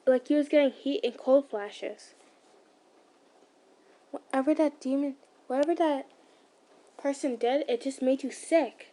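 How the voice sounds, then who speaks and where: High-voiced woman casually reading a fan story. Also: measured pace, pauses often, warm tone. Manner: casual, stumbling reading with asides. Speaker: ASMR storyteller.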